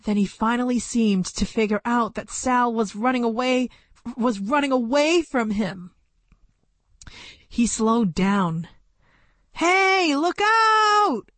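A female audiobook narrator with a slightly high voice reads a first-person story aloud. She stays close to the studio mic, telling it in a plain, measured manner, and the recording is dry.

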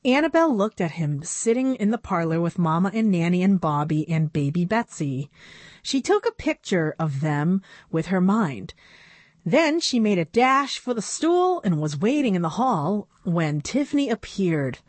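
A woman reading a children's storybook aloud in an expressive, unhurried way. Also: fairly low pitch, no room sound.

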